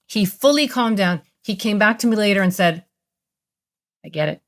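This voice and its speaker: A middle-aged woman therapist tells stories on an interview show with an animated, expressive delivery. Her voice sits at a middling pitch and moves easily as she recounts events. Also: fairly quick. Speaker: therapist, podcast guest. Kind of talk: interview storytelling.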